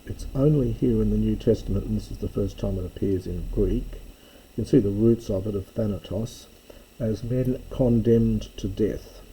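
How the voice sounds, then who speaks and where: A man's voice: fairly low pitch, warm tone, slight background noise, low-quality recording. A man teaching a verse-by-verse Greek lesson, carefully explaining words and often correcting himself as he goes. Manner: slow, careful, with frequent self-corrections and fillers. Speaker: Greek New Testament teacher.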